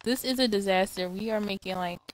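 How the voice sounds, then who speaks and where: A woman's voice: mid-range voice, fairly quick, low-quality recording. A woman hosting a let's-play, giving casual game commentary in an exasperated, chatty, profane way.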